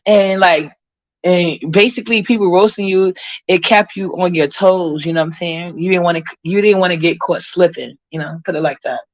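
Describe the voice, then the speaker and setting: A Harlem, New York woman speaks at a moderate pace in a lowish, steady voice with no echo, chatting casually as a vlogger. Reading viewer comments, she is blunt and profane and rambles with many fillers.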